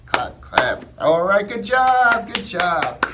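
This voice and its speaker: A man leading a children's church lesson, singing slowly and gently along with the kids. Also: sits high, sing-song, background noise. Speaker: children's ministry leader.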